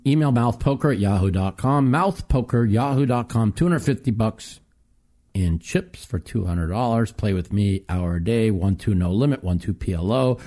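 A man's voice: on the low side, expressive, normal speed, dark tone. A man hosting a call-in talk show, ranting profanely and animatedly about sports. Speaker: host.

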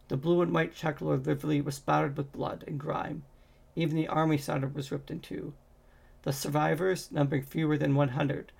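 Man narrating a fantasy novel aloud. Heavy gravel, husky tone, flat delivery, stumbles and restarts often. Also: fairly high pitch. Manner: reads with frequent slips and restarts. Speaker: audiobook reader. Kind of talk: amateur novel reading.

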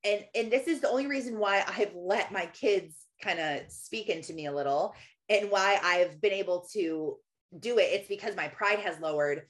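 A Christian podcaster and author in her thirties gives a casual, earnest faith talk at a normal speed in a medium-pitched voice. She's chatty, laughs often, and acts out quotes.

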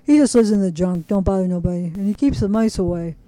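A woman voicing a gruff, low-voiced old junkyard keeper with a dry sense of humor in a storybook reading. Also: fast talker, warm tone, dry recording, close to an everyday voice, poor audio.

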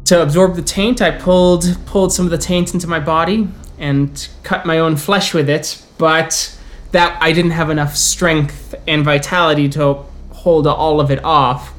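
A man's voice: on the high side, fairly even intonation, fairly bright tone, faint music behind. Male storyteller running a tabletop game. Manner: plays many characters in quick turns, with halting restarts.

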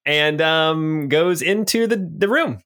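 A man narrating as game master for a tabletop game. He is relaxed and descriptive, and laughs easily with his players. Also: fairly high pitch, takes it slowly.

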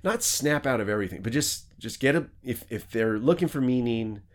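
Speaking briskly in a mid-range voice, this man hosts a podcast and spins a long, rambling story during a casual interview. He's animated, keeps correcting himself, and laughs as he tells it.

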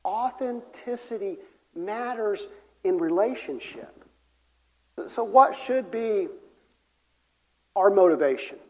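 A man preaching a sermon as pastor, earnest, moving between emphatic and soft delivery. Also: sits high, lively intonation, takes it slowly, pauses often. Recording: long reverb of a large hall.

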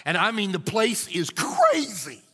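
A man pastor, telling an animated, joking story in a sermon. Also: sits high, unhurried, breathy edge, in a large hall. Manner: animated, jokey, acts out shouting crowds.

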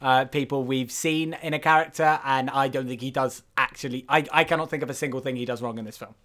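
A man co-hosting a podcast in casual chat, animated and laughing often, with excited protests. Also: mid-range voice, fast. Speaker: podcast co-host.

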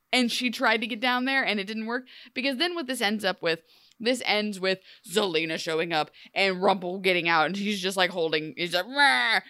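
A woman co-hosting a casual TV recap chat, sarcastic and animated, with many "like"s. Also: mid-range voice, dry recording. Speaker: podcast co-host.

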